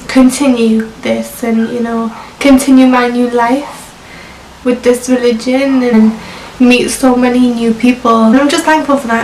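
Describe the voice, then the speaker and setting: A woman's voice: a little high, a little mellow, a little hiss or hum. A young woman telling her personal story in a vlog, chatty and full of "like" and "you know". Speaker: vlogger. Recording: roomy echo from a distant mic.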